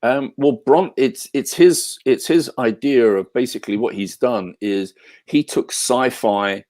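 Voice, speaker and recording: A man co-hosting a casual podcast chat, talking in a halting way with many restarts. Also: mid-range voice, darkish tone. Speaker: podcast co-host.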